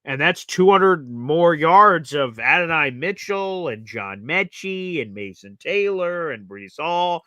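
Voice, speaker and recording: A man hosting a live sports reaction show, talking bluntly and with lots of opinion, now excited, now muttering. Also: fairly high pitch, a little slow, hardly any pauses, dry recording.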